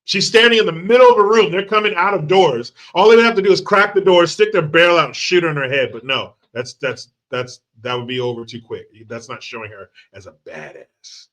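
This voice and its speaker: A man's voice: on the high side, brisk, few pauses, fairly bright tone. A man ranting in a movie commentary, profane, sarcastic and heated. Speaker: movie reviewer.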